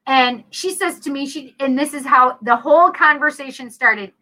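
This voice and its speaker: Bright high-voiced woman telling a story. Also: moderate pace, low-quality recording. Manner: animated storyteller, acts out dialogue. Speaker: tarot reader and show co-host. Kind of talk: casual chat.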